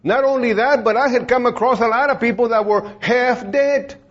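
High-voiced man preaching, rambling. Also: steady tone, normal speed, fairly bright tone. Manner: rambling, many fillers and restarts; plain-spoken, folksy. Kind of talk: informal sermon. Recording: dull lo-fi recording.

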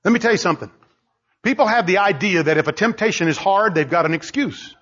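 A man preaching a sermon, driving his points home with repetition and bursts of shouting. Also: high voice, fast talker, slightly rough. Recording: dull lo-fi recording.

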